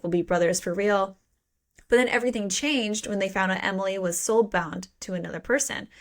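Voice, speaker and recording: A woman's voice: mid-range voice, fairly bright tone. A woman co-hosting a podcast, recapping a book in casual chat with playful swearing and mock quotes. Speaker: podcast co-host.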